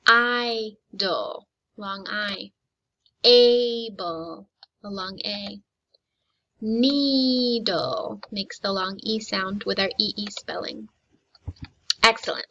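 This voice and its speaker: A woman teacher talks through a phonics lesson at an unhurried pace, her voice bright and sharp. She sounds out each word with care so young learners can repeat it. The recording is slightly dull and lo-fi. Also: medium pitch. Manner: slow, deliberate modeling of words for repetition.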